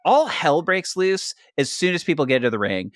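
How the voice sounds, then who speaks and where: A young man hosting a podcast, retelling a story in animated casual chat and saying "like" a lot. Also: fairly high pitch, fairly quick, dry recording, clean studio sound. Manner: animated retelling, heavy use of "like". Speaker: podcast host.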